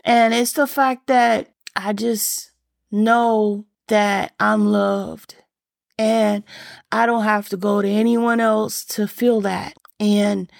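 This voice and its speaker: A woman's voice: mid-range voice, little pitch movement, slow pace, vocal fry, dry recording, clean studio sound. A middle-aged woman giving a heartfelt faith testimony, earnest and rambling, full of fillers. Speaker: speaker sharing faith testimony.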